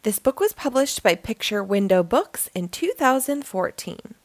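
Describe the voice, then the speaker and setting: Expressive woman reading a kids' book. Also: a little high, normal speed, dry recording. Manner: lively, expressive read-aloud delivery. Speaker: storytime host. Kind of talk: reading a children's book aloud.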